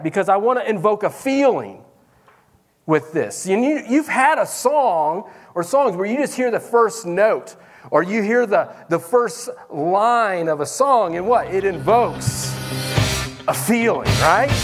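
A man's voice: high-pitched, animated, a little slow, faint music behind. A man preaching a sermon as pastor in a church service, talking in a conversational way and calling out to the congregation.

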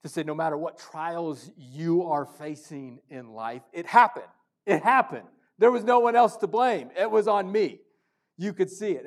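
A man preaching a sermon as pastor, telling a story and swinging from loud bursts to hushed lines. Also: fairly high pitch.

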